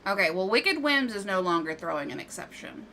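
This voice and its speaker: A woman's voice: medium pitch, sing-song, fairly quick, vocal fry, pushed and bright, a little hiss or hum. A woman giving casual commentary while playing and fixing game mods at home, swearing freely when things break and chatting to her cat between fixes. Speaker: gaming streamer. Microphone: desk microphone.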